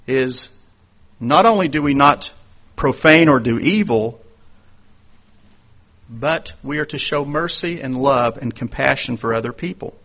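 A man preaching a sermon in an earnest, conversational way, telling personal stories and dropping into quieter asides. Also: medium pitch. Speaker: pastor.

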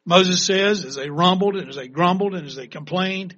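A man's voice: high voice, normal speed, hardly any pauses, a bit bright, poor audio. A man preaching a sermon to his congregation, often turning to ask the listeners rhetorical questions. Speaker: pastor.

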